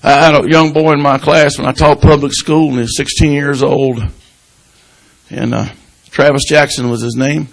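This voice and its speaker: A man preaching an informal sermon, folksy and personal, punctuating his stories with hallelujahs and dropping to a hushed voice at times. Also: fairly high pitch, little pitch movement, moderate pace, poor audio. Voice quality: gravelly, husky. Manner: folksy, breaks in with hallelujahs, swings from loud to hushed.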